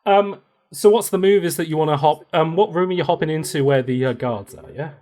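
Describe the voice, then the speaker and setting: A man's voice: on the high side, fairly quick, a little mellow. A man running a tabletop game for a player, describing the scene in a loose, playful way. He laughs easily and keeps the story moving. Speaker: game master.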